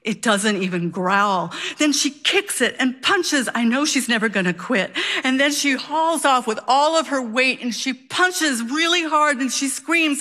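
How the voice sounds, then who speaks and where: A woman telling a personal story live, expressive and animated, building suspense. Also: on the high side, slow pace.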